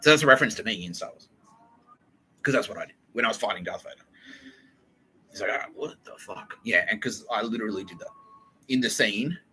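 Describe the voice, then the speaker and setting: A man's voice: on the low side, fairly quick, pauses often, bright, forceful tone, slight background noise, low-quality recording. A man hosting a podcast in a profane, rambling monologue, laughing and acting out quotes. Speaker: podcast host.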